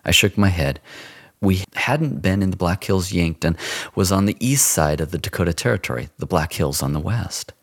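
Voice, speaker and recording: A man narrating a first-person story in an expressive, dramatic audiobook style. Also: low voice, moderate pace, no echo, studio quality.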